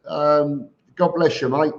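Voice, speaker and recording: A man's voice: on the high side, steady tone, takes it slowly. A man hosting a casual live stream, greeting viewers by name and answering their questions with chatty, joking asides. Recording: dull lo-fi stream audio.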